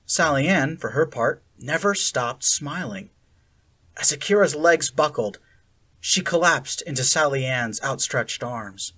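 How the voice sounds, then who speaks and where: Slow, husky-voiced story narrator. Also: mid-range voice, lively intonation, pushed and bright. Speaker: story reader. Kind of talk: fan fiction audiobook narration.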